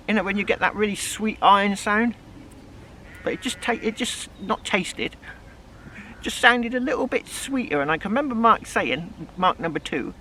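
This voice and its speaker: Chatty West Country man, bright voice. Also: high-pitched, a little hiss or hum. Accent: West Country English. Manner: rambling, chatty, with restarts. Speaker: metal detecting vlogger. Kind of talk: casual outdoor vlog. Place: outdoors in a field, then a pub.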